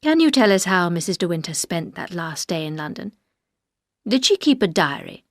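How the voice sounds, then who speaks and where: A woman voicing a calm, formal colonel who questions people, speaking in a measured, lower tone. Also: dry recording.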